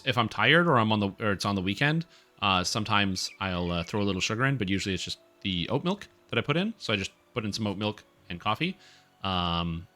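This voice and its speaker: Male streamer, casual rambling chat, lowish bright voice, faint music bed. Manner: rambling, chuckles often, talks to his cat.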